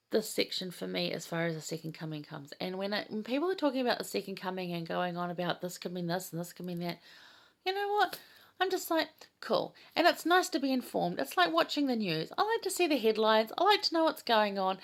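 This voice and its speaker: Gravelly, chatty woman in her fifties. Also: mid-range voice, lively intonation, moderate pace. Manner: enthusiastic, chatty, heartfelt. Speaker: scripture study teacher. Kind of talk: casual gospel study chat.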